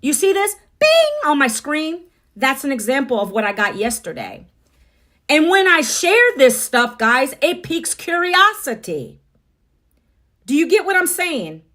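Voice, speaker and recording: A woman's voice: high voice, sing-song, a little slow, bright, forceful tone. A middle-aged woman hosting a casual livestream, chatty and upbeat, talking straight to her viewers on her phone. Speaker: livestream host.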